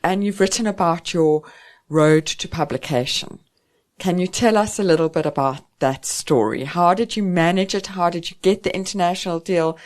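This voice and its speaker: Woman, lowish pitch, podcast co-host, direct rapid-fire questions. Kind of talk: casual podcast interview.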